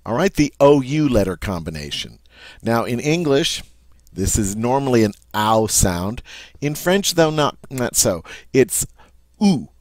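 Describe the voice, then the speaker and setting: A man's voice: mid-range voice, sing-song, measured pace, no echo. A man teaching French pronunciation, patiently modeling each sound and checking in with "all right?" as he goes. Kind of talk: pronunciation lesson.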